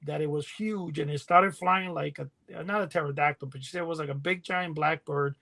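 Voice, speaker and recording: A middle-aged man co-hosting a podcast, telling rambling stories in a casual, animated way and laughing as he goes. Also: fairly high pitch, normal speed, vocal fry. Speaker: podcast co-host. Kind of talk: casual storytelling chat.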